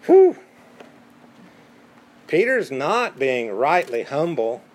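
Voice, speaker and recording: A man's voice: a little high, animated, unhurried. A man preaching a sermon in an emphatic, conversational way, repeating words for stress.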